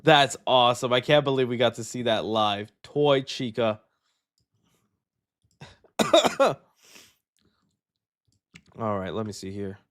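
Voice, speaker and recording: A young man hosting a live show, chatting casually and reacting loudly, calling his viewers "dude.". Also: mid-range voice, slow, long pauses. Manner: excitable, loud reactions, says "dude" a lot. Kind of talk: casual livestream chat.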